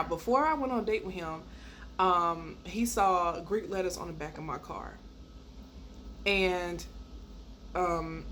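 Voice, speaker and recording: A woman telling a personal story in a casual, animated way, laughing as she goes and jumping high when she acts out quoted lines. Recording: faint background noise.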